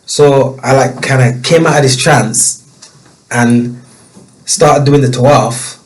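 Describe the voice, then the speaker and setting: A man telling a personal story as a guest, emotional and halting, with many restarts. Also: medium pitch, fairly even intonation, rough recording.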